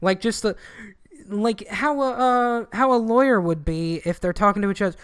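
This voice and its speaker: In a loose, profanity-heavy podcast chat, this young co-host wanders from thought to thought and livens up when imitating what others said. He has a clear, smooth, mid-pitched voice at an unhurried pace. There's no room ambience, just close, dry sound.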